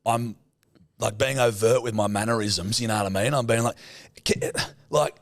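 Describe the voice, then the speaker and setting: A man's voice: medium pitch, moderate pace, no echo, studio quality. A man with an Australian accent, co-hosting a podcast and telling a story with lots of swearing. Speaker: podcast co-host. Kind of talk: casual chat.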